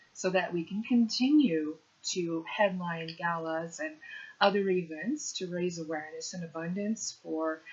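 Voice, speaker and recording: A middle-aged woman, a comedian, telling a story in an animated, punchy way with playful asides. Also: lowish voice, lo-fi sound. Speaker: stand-up comedian. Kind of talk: storytelling monologue.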